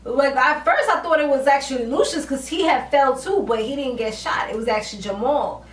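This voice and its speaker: A woman's voice: high-pitched, a little fast. A woman vlogger recapping a TV episode in casual, slangy talk, animatedly acting out the characters' lines. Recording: roomy, distant from mic, faint ambience.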